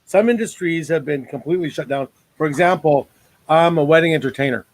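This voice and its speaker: A man's voice: fairly high pitch, a little fast, no echo, poor audio. A man hosting a casual online talk show over a video call, joking and rambling with lots of fillers.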